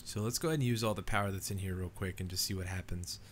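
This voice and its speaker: A man's voice: deep voice, very fast, slight background noise. A young man hosting a gaming channel, giving casual let's play commentary at home in a rambling, easygoing way. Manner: rambling, easygoing, says "man" and "dude" a lot.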